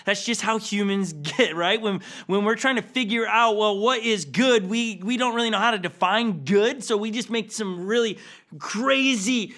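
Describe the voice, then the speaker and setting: Male pastor, high bright voice, loose and chatty sermon delivery with a playful streak. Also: moderate pace. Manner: casual and playful, with frequent "okay?" and "like"; acts out quoted characters with a chuckle. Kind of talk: conversational sermon.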